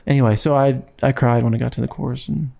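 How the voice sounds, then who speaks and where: Man, 30s, casual chatty host, lots of ums, mid-pitch. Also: fairly even intonation, fast talker, vocal fry, warm tone. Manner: rambling, chatty storyteller with many fillers. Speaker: podcast host and country singer. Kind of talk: casual chat.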